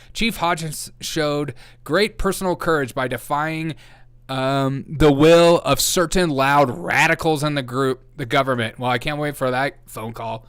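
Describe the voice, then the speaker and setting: A man's voice: on the high side, a bit bright, clear, resonant tone. A man hosting a comedy news show, delivering satirical commentary in a sarcastic, mocking rant.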